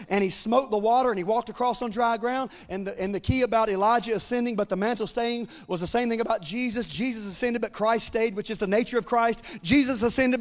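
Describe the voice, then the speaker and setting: A man preaching an impassioned sermon, acting out biblical dialogue in casual voices and building to near-shouting peaks. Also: extremely high pitch. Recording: long hall reverb.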